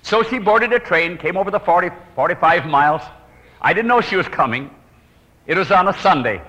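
A man evangelist telling a personal story in an earnest sermon style, his voice dropping to hushed, prayerful tones. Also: high-pitched, lively intonation, brisk, in a large hall.

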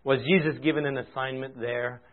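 An older man preaching a storytelling sermon, swinging from loud and excited to soft and hushed. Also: mid-range voice, fairly quick. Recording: tinny phone-like sound.

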